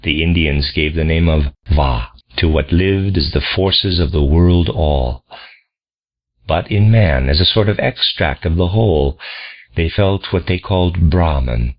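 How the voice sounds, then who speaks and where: Very deep-voiced man reading a lecture. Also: unhurried. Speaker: audiobook reader. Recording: dull lo-fi recording.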